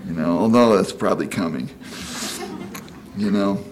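A deep-voiced man in his sixties preaches at a moderate pace in a relaxed, folksy style, frequently saying "you know?" and acting out quotes. Background noise is audible.

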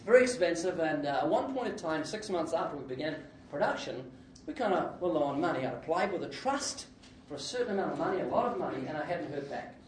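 A male preacher delivers a sermon, full of jokes and his own laughter, sometimes rising into loud bursts. He is heard from some distance, and his voice rings around a large church hall. A faint hiss sits under the whole recording. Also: fairly high pitch, lively intonation, fast talker. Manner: jokey, laughs often, sudden loud outbursts. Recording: echoey hall, distant mic, faint noise.

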